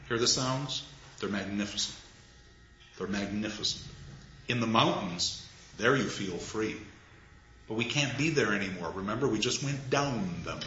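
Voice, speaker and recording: A man lecturing on poetry with dramatic emphasis, asking rhetorical questions and falling to a hush. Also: medium pitch, animated, moderate pace, slight background noise. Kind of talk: lively literature lecture. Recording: roomy, dull lo-fi recording.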